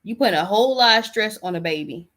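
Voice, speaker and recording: A woman's voice: medium pitch, animated, quick pace, a bit bright. Exasperated woman podcast host. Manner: exasperated, emphatic. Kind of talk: casual reaction commentary.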